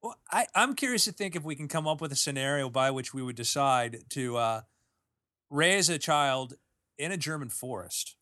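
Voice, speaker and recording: A man co-hosting a podcast, making quick jokes in casual chat. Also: mid-range voice, lively intonation, bright, forceful tone, dry recording, studio quality. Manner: joking, quick quips. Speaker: podcast co-host.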